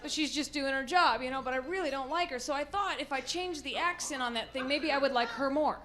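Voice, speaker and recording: A woman's voice: high-pitched, a little fast, noisy background. An American woman doing a stand-up comedy set, telling stories and acting out bits in mocking voices. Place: comedy club stage. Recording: live club recording, audience laughter.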